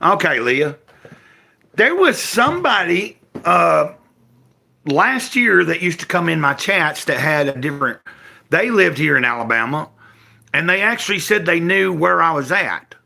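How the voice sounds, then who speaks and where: His voice sits a little high, gravelly and sharp, with lively intonation and normal speed. He's an older Tennessee livestream host with a Southern accent, casually rambling to viewers from home in a folksy, self-correcting style.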